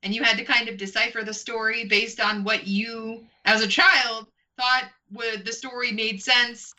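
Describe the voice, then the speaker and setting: A woman's voice: fairly high pitch, level tone, measured pace, pushed and bright, rough recording. A woman in her thirties chatting casually on a podcast, rambling with fillers. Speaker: podcast co-host. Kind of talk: casual chat.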